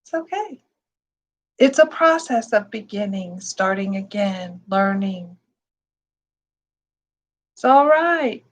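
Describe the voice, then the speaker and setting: A woman meditation teacher speaking gently to her class, repeating soft reassurances and laughing lightly now and then. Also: mid-range voice, animated, slow pace, long pauses.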